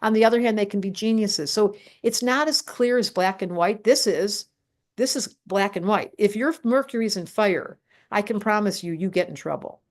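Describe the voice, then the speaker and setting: A woman's voice: medium pitch, normal speed. An older woman presenting a live online astrology class, talking emphatically and directly to her viewers. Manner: animated, emphatic teacher addressing viewers directly.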